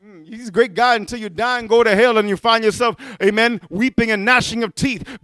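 A man's voice: very high voice, steady tone, fairly quick, few pauses, pushed and bright, no room sound. A man preaching a fiery sermon, fervent and insistent, peppering his points with amens and hallelujahs. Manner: mocking impressions of other preachers.

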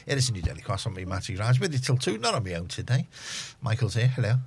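A man's voice: fairly low pitch, sing-song, fast, vocal fry, husky, no echo. A man hosting a community radio show in a studio, chatty and self-mocking as he reads out the station details. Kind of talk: casual radio chat and station announcements. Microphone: studio microphone.

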